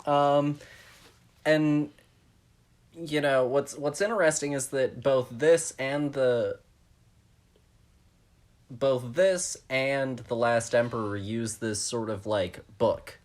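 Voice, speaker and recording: A man's voice: medium pitch, steady tone, slow, long pauses. A man co-hosting a film podcast in casual conversation. He talks things through thoughtfully, hedging, circling back and restarting his sentences as he goes. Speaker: podcast co-host.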